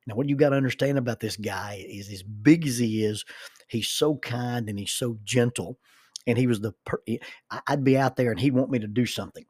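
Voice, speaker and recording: A man's voice: medium pitch, a little fast, a little mellow, husky, no echo, studio quality. A middle-aged man, telling folksy personal stories and often repeating words as he starts a sentence. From southern United States. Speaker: storyteller. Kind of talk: personal storytelling.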